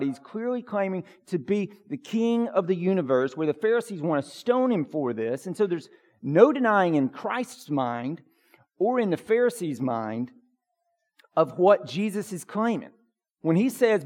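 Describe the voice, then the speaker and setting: A man's voice: a little high, expressive, unhurried, darkish tone, long reverb tail. A man preaching a sermon to his congregation, conversational and joking, building to emphatic peaks. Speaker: pastor. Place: church sanctuary.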